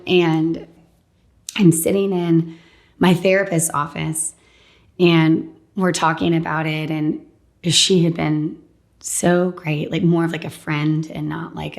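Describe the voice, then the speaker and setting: Woman in her thirties, lowish gravelly voice, candid conversational faith testimony. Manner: candid, conversational storytelling with frequent "like". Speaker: guest sharing her testimony.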